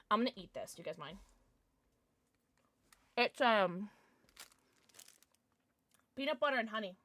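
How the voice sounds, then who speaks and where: A young woman streamer chatting casually and excitedly to her viewers, now and then cooing at her dog in baby talk. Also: fairly high pitch, moderate pace, long pauses. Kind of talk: casual livestream chat.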